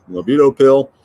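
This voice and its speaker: A man's voice: medium pitch, mellow, breathy edge, muffled recording. A middle-aged man chatting casually on a morning livestream, reading out comments and joking. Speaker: livestream host.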